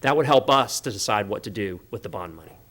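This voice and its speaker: A man's voice: lowish voice, expressive, fast talker, fairly bright tone. A man, a school board trustee, giving earnest remarks at a meeting and searching for words at times.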